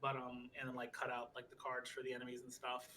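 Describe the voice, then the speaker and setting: A man co-hosting a podcast at home, chatting loosely and swearing freely. His voice is bright and he often slips into acted-out quotes. Faint noise sits behind the mic. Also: medium pitch, completely flat delivery, fast talker, low-quality recording. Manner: laid-back, swears a lot, acts out quotes and laughs often. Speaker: podcast co-host. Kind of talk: casual podcast chat.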